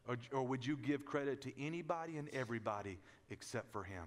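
A man's voice: medium pitch, a little fast. A man preaching a sermon, building intensity through repeated cadences and rhetorical questions. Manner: preaching with rising and falling intensity, repetitive cadences. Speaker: pastor.

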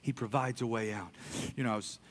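A man preaching a sermon as a pastor, emphatic, swinging between soft, quiet stretches and loud, pressing lines. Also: on the low side, fairly even intonation, a little fast. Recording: long hall reverb.

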